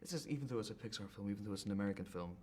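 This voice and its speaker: A male interviewer with a fairly low voice who talks quickly. His questions are chatty and playful, and he laughs a lot. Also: darkish tone, slight background noise. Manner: chatty, jokey, laughs often.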